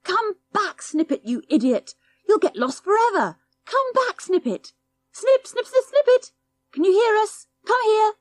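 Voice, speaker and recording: A woman voicing young twin children, calling out in high, urgent voices. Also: expressive, unhurried, no room sound. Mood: anxious calling.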